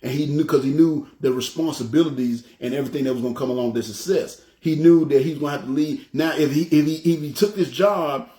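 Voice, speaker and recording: Preaching quickly with hardly a pause, this pastor has a mellow voice on the high side. His casual sermon, recorded in an echoey space, is loose and repetitive, and he keeps asking his audience "you know what I'm saying."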